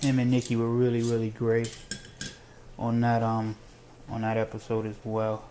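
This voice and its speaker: A man hosting a casual home cooking show, talking fast and rambling with lots of restarts. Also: mid-range voice, completely flat delivery, dark tone, a little hiss or hum. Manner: fast, rambling, self-correcting.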